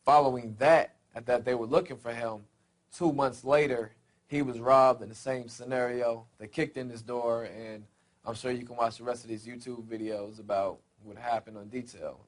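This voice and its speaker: A man calmly explaining his side of a story in a documentary interview. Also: medium pitch, normal speed.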